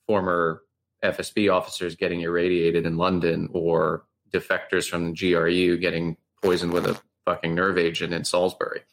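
Deep-voiced male journalist guest. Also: a bit bright. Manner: discursive, with restarts and fillers. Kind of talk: casual interview talk.

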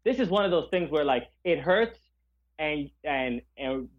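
A man co-hosting a podcast in casual chat, passionate and halting, often searching for his words. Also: a little high, animated, narrow, tinny audio. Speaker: podcast co-host.

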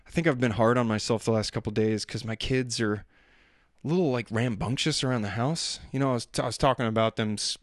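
A man's voice: mid-range voice, no room sound, clean studio sound. A man telling rambling, self-deprecating stories about family life in a casual monologue. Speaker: father talking about daily life.

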